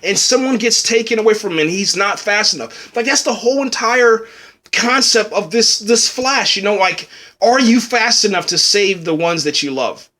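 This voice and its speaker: A man talks through a TV episode in a loose, rambling way, circling back on his words and tacking "man" onto his sentences. His voice sits a bit high for a man, and he is choked up and close to tears. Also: moderate pace, sharp tone. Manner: rambling, says "man" a lot, restarts. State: tearful, choked up. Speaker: TV episode reviewer. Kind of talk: emotional casual review.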